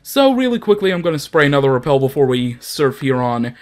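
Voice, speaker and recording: Young male gaming host, casual and rambling, lively swings in pitch. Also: fairly quick. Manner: chatty, rambling, self-deprecating. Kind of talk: casual let's play commentary.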